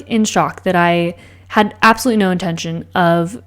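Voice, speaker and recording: A woman's voice: on the low side, steady tone, fairly quick, fairly bright tone. Chatty young woman gushing as a vlogger. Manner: chatty, gushing, many fillers. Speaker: planner vlogger. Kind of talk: casual vlog voice-over.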